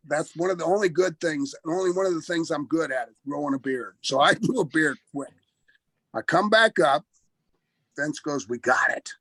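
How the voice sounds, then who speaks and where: Older man telling a lively story, dry sound. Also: on the high side, no echo, poor audio. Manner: animated anecdotal storyteller who acts out quoted voices and chuckles often. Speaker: retired wrestler guest. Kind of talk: interview storytelling.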